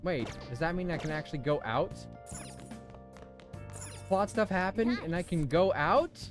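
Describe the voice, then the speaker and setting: Chatty streamer with a lively voice. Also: medium pitch, a little slow, over music. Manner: chatty, self-amused, rambling. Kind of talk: casual game stream commentary.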